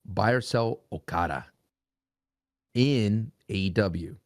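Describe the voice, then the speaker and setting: Low-voiced man with a dry sound. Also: slow pace, no echo. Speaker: podcast co-host running the segment. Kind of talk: casual podcast chat.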